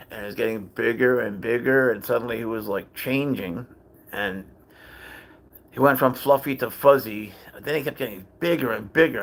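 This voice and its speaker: A man with a gravelly voice at a middle pitch hosts a casual livestream. He tells a long story in a loose, rambling way, swearing often and breaking off to greet viewers in the chat. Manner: rambling, profane, chatty with viewers. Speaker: livestream host and cat owner.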